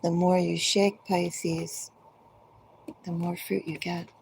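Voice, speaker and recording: A woman giving a collective tarot reading, speaking directly to each zodiac sign in an unhurried, musing way. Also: on the low side, flat delivery, creaky, darkish tone, a little hiss or hum, poor audio. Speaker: tarot reader.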